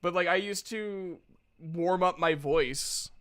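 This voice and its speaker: Rambling man, high voice, casual chat. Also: slow, a bit bright. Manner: rambling, many fillers and restarts. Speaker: streamer.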